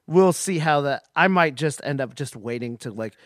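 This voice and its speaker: A man in casual chat, speaking haltingly with many restarts and fillers. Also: on the high side, animated, dry recording, clean studio sound.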